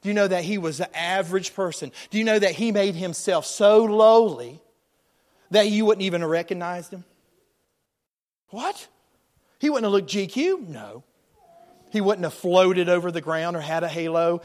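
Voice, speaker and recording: A man preaching a sermon as a pastor, passionate, swinging between loud declarations and quiet asides. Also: fairly high pitch. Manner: passionate preaching, rising and falling in volume, quick asides. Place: church sanctuary.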